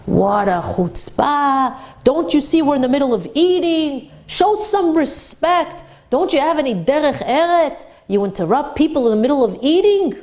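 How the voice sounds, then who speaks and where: Woman voicing arrogant rich man, berating, accusing, high-pitched. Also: lively intonation, moderate pace, a little mellow. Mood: angry, accusing. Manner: indignant, berating.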